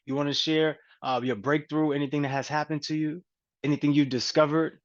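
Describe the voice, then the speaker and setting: A man with a slightly high voice runs a live group call, calling out names with quick, lively energy and repeating himself for emphasis. The call audio comes through dull and lo-fi. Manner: energetic, repetitive shout-outs. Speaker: coach hosting a group call. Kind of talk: upbeat live-call hosting. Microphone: video call.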